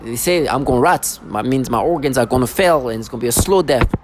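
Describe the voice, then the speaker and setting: A man vlogs from a city street at a quick pace in a mid-range voice, delivering an agitated, emotional, repetitive personal rant. He mocks other people with put-on voices, and the low-quality recording has faint street noise and vehicles in it.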